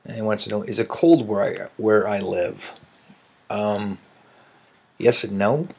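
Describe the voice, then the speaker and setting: A man's voice: lowish voice, a little slow, gravelly, a little mellow, husky. A man, casually answering viewer questions in a rambling, dryly joking vlog. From American Midwest. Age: 30s. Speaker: vlogger.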